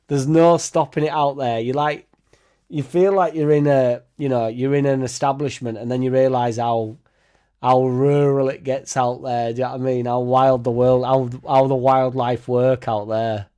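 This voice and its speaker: A man's voice: medium pitch, flat delivery, moderate pace, mellow, clean tone. A young man hosting a casual fan livestream, laughing often, swearing freely and rambling as he reacts and thanks viewers. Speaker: fan channel host.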